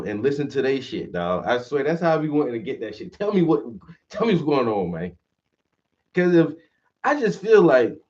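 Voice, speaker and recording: Man, casual profane rant, lively pitch swings, dull distant recording. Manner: profane, animated, acts out quoted voices. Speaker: stream host. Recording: dull audio, mic at a distance.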